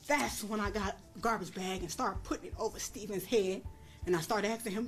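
A woman's voice: mid-range voice, brisk, soft background music. Woman giving blunt, profane courtroom testimony. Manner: blunt, profane, re-enacts quotes in a raised voice. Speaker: defendant at a plea hearing.

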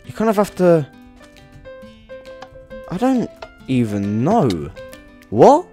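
A man's voice: on the high side, very animated, slow pace, dark tone, soft background music. Exasperated young man narrating gameplay. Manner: exasperated, swearing, rambling with fillers. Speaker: gaming channel host. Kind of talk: let's play commentary.

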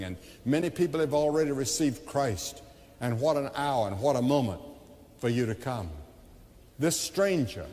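A man's voice: mid-range voice, darkish tone. A man, preaching a revival sermon with impassioned, dramatic storytelling that acts out the characters. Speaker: evangelist preacher. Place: large indoor arena. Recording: echoey 1989 arena sermon recording.

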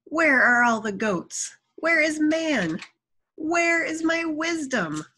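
A woman voicing a proud, vain male tiger in a storybook tale, boastful and loud when upset. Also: mid-range voice, expressive, takes it slowly, slightly rough, heavily acted, rough recording. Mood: frantic.

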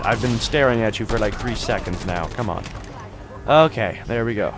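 A teenage boy in his mid-teens doing excitable, jokey let's-play commentary, yelping and shouting at the game. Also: on the low side, a little fast, music in the background. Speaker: gaming YouTuber.

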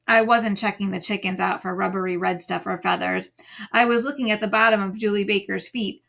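A woman's voice: mid-range voice, gravelly, a bit bright. A woman reading a story aloud to a class, acting out the characters and stopping to ask the listeners questions. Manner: voices the characters and sings the song lines.

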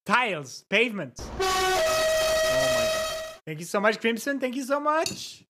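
A woman hosting a casual livestream, reacting to videos with giggly, animated chatter. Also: medium pitch. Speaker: livestream host.

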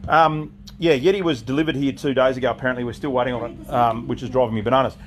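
A man's voice: mid-range voice, steady tone, fast talker, a little hiss or hum. An Australian man hosting a casual live stream from his shop, chatty and laid-back, greeting viewers by name as he talks. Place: inside his outdoor shop.

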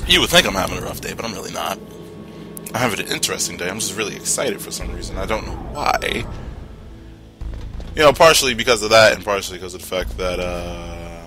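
A young man voicing a let's-play with a lowish voice that swoops up and down as he reacts. He swears freely and talks straight at the game characters. Music plays clearly behind him. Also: bright, forceful tone. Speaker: gameplay commentator.

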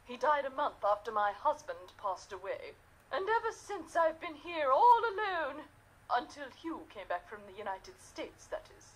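An actress playing a prim, formal older widow who runs the manor, speaking in a video game. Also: female voice, high-pitched, very animated, normal speed. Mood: wistful. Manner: formal, scolding, sometimes wistful.

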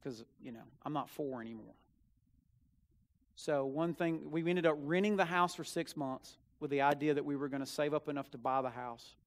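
In a church sanctuary, a young male student minister with a fairly high voice shares a personal story from the pulpit at a normal speed. He moves from hushed asides to loud, emphatic bursts to drive his points home.

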